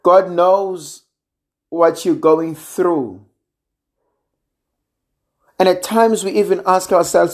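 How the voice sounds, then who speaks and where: A preacher giving a sermon in a measured, gently emphatic way, pausing often. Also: medium pitch. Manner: slow, measured, with gentle emphasis and long pauses.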